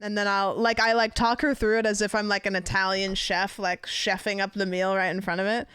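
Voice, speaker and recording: Woman streamer, chatty and giggly, rambling stories, clean smooth tone. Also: mid-range voice, level tone, a little fast, a bit bright. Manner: rambling, giggly storytelling with many fillers. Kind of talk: casual chat.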